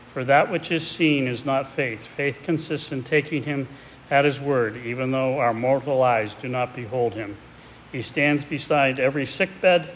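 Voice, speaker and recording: Man preaching in a reverberant hall. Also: mid-range voice. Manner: conversational and reflective, with hesitant restarts. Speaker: pastor. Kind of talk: expository sermon with a read-aloud excerpt. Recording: distant voice with hall reverb and faint noise.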